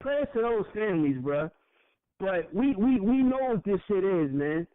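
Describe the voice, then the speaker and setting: Young male podcast co-host, high-pitched and heated, profane, repeats himself. Tinny phone-like audio. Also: very animated, normal speed, dry recording. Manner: heated, profane, repeats words when worked up. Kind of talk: impassioned casual podcast rant.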